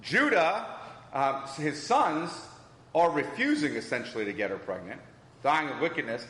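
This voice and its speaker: A man's voice: fairly high pitch, sing-song, normal speed, a bit bright. A man teaching a Bible class, asking the group questions and repeating their answers. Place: church hall. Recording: echoey hall with long reverb.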